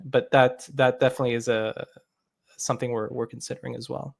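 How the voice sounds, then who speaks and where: A man's voice: mid-range voice, level tone, a little fast, creaky. A man, a game founder, explaining his game in a live interview, with many fillers and restarts. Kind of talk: interview answers.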